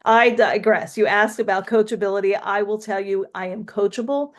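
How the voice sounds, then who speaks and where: A woman's voice: medium pitch, moderate pace. Middle-aged delaware county lady telling stories on a video call, chatty and frank, laughs a lot. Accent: Delaware County, Pennsylvania. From Philadelphia area, USA. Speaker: guest, author and former radio broadcaster. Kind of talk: casual interview chat.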